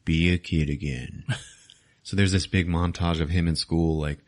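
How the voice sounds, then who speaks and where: A man's voice: low-pitched, steady tone, moderate pace, a little mellow. A man hosting a podcast, recapping a movie in loose casual chat, swearing and laughing as he acts out the scenes. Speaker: podcast host.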